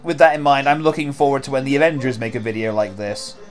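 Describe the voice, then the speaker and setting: A man's voice: mid-range voice, fast, faint music behind. A man giving casual, sarcastic commentary over a video, rambling with lots of filler words. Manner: sarcastic and rambling, many "like" and "you know".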